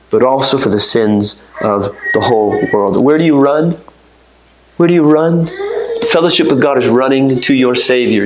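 A man preaching a sermon, swinging from low, measured teaching to high, urgent pleading. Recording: roomy echo.

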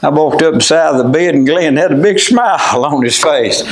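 A man's voice: a little high, moderate pace, hardly any pauses, a little hiss or hum. An older man, preaching a homey, plainspoken sermon and telling stories between scripture readings. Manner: plainspoken, homey, quotes scripture in old wording. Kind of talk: folksy sermon with storytelling. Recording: echoey room.

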